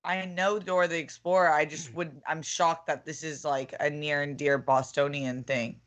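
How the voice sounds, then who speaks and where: A man's voice: on the high side, flat delivery, moderate pace, fairly bright tone. A man teasing his co-hosts wryly in a casual panel chat. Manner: teasing, wry.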